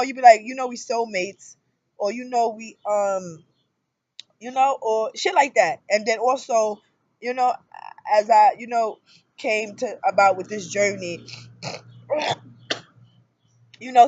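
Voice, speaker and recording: A woman in her thirties talking casually to camera about her relationship, in an animated storytelling manner that jumps up loud for emphasis. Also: a little high, no echo, dull audio. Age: 30s. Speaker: spiritual vlogger. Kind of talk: casual personal monologue.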